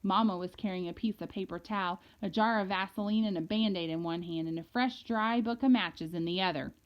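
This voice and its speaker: A woman's voice: medium pitch, fairly quick. Woman reading a first-person novel. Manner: lively storytelling, a boy's casual voice. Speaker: audiobook reader. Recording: dull lo-fi recording.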